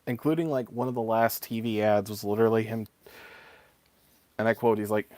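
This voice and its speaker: Guy in his 30s rambling on a painting stream, lowish voice, dry sound. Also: fairly even intonation, a little fast, pauses often, a little mellow, no echo. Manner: rambling and conversational, many fillers. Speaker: streamer and voice actor. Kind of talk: casual chat while painting on stream.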